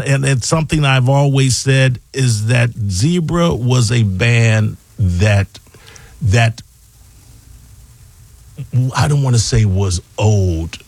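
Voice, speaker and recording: A man's voice: fairly low pitch, darkish tone, husky, no echo. Radio host, male, effusive talker in a dry booth. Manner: enthusiastic, rambling, emphatic. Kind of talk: radio interview.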